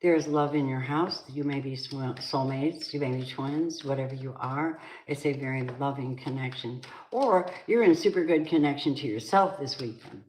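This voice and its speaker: Low-voiced woman reading tarot, echoey room. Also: normal speed, few pauses, darkish tone. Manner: blunt, swearing, flares up into angry venting. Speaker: tarot reader. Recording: echoey room with faint noise.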